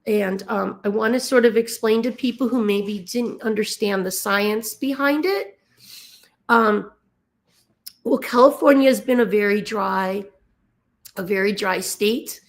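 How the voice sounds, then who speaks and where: Woman from the Los Angeles area, mid-pitched and gravelly, casual explainer, worn out, halting delivery. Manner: halting, stumbling over words, many fillers. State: emotionally tired. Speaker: dog rescue volunteer. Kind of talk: casual explainer while sharing a map on screen.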